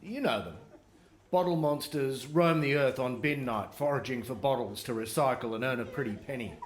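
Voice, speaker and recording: A man's voice: medium pitch, normal speed, roomy sound. Dry Australian man doing stand-up. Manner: dry, sardonic storytelling. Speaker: stand-up comedian. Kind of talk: stand-up comedy routine.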